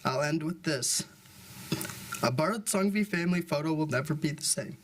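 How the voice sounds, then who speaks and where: A man's voice: a little high, animated, moderate pace. A young man, a grandson, delivering a candid eulogy at a funeral service, in plain speech with fillers. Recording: live event recording with background noise.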